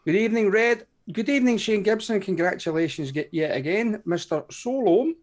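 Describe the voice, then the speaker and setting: A woman co-hosts a live stream, rattling through viewer greetings in a chatty, sweary way. Her pitch bounces up and down as she talks. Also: expressive, moderate pace, darkish tone. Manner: chatty, laughing, swears freely. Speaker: co-host. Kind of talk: live stream chat, reading out viewer names.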